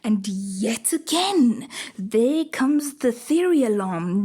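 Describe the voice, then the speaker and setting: A woman's voice: fairly high pitch, very animated, takes it slowly, mellow, husky. A woman reading a graphic novel aloud in a casual, giggly way, with chatty, self-mocking asides. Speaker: comic book reader. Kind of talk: casual read-along with commentary.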